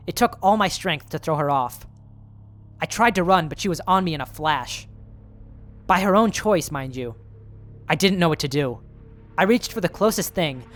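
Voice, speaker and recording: A man's voice: a little high, a bit bright. A man reading a horror story aloud in the first person, in a nervous, self-justifying telling. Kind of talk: scripted horror story narration.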